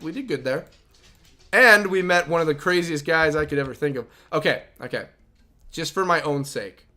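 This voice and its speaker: Excitable bright-voiced male streamer. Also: a little high. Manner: excitable, laughs often, talks to his dog. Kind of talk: live game stream commentary.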